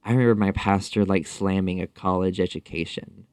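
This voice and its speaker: A man's voice: sits low, fairly even intonation, a little mellow, clear, resonant tone, dry recording. A man speaking as a podcast guest in a casual interview, talking thoughtfully with frequent fillers and restarts. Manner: thoughtful, halting, many fillers.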